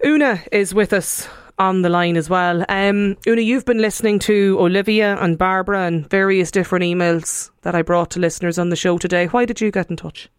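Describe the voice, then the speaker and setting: A woman hosting a live radio talk show, reading listener emails aloud and gently prompting callers. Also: fairly low pitch, steady tone, a little fast, few pauses, clean tone, no echo, clean studio sound. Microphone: studio microphone.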